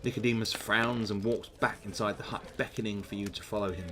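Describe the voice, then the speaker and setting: A man's voice: lowish voice, steady tone, a little fast, sharp tone, slight background noise. A man, hosting a gamebook session, reading aloud and chatting in musing asides. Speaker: host playing a gamebook.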